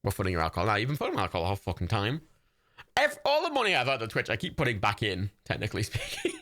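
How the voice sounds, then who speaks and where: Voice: medium pitch, wildly swooping pitch, rapid-fire, fairly bright tone, no room sound. A young adult streamer hosting a watch party, chatting casually, reading out chat and gifts, swearing freely and laughing often.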